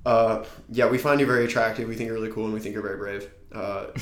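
A man co-hosting a podcast in casual chat, rambling and halting with lots of fillers and restarts. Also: lowish voice, fairly even intonation, reverberant. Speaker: podcast co-host.

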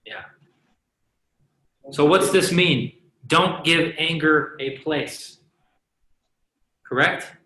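A man's voice: fairly high pitch, extremely slow, long pauses, pushed and bright. A man preaching a sermon in a conversational way, often asking the congregation "right?" and joking between points. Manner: conversational, asks the crowd "right?" often, jokes and laughs. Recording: roomy echo.

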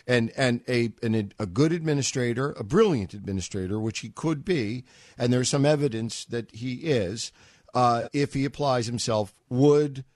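A man's voice: mid-range voice, no room sound, studio quality. Wordy talk radio host man. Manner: wordy, brisk, wry.

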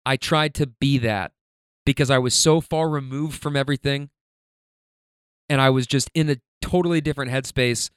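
A man's voice: medium pitch, clean tone, dry recording. Emphatic, swearing man in a dry recording. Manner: emphatic, profane, halting repetitions. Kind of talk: candid personal monologue.

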